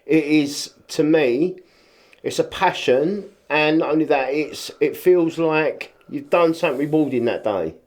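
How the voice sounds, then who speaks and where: A man, a rubbish clearance business owner chatting as a podcast guest, telling stories and acting out what people said. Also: fairly high pitch, unhurried, darkish tone. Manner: plain, informal speech. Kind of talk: casual podcast chat.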